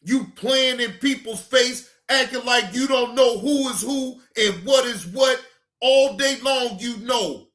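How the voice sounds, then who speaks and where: High-voiced man ranting in an echoey room. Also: slow. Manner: heated, profane, often shouting. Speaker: reaction channel host. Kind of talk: ranting commentary.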